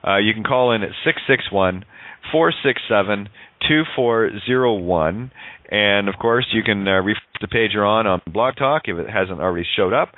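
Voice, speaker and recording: Male call-in radio host, animated, profane, laughing; thin, dry phone-quality audio. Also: lowish voice, moderate pace, dry recording. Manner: animated, swears freely, laughs often, wordplay on sounds. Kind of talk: excited, rambling call-in radio talk.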